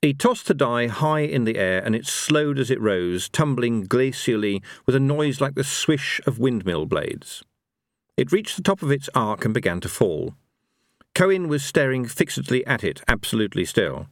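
A man narrating an audiobook in a lively, expressive reading. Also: medium pitch, normal speed, no room sound, studio quality.

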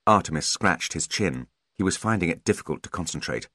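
Low, expressive male audiobook narrator. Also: dry recording, studio quality. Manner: expressive, measured storytelling. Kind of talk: scripted narration.

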